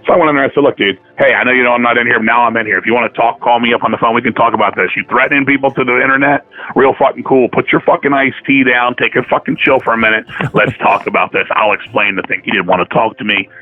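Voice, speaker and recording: A man telling stories in a casual chat, profane and animated, acting out the dialogue of the people he quotes. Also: mid-range voice, fast talker. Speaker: podcast guest, metal musician. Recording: tinny phone-line audio.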